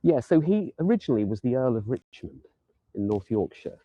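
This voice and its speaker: A man's voice: medium pitch, very animated, brisk, no echo, dull audio. A man giving a live walking tour outdoors, chatting and joking lightly as he strolls the streets. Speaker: tour guide.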